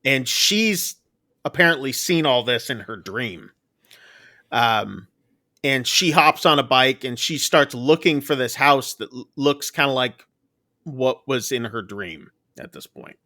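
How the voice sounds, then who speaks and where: A man's voice: medium pitch, animated, a little slow, bright, forceful tone, no echo, clean studio sound. A man co-hosting a podcast, casually retelling a film's plot with lots of fillers. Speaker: podcast co-host. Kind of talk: casual film review chat.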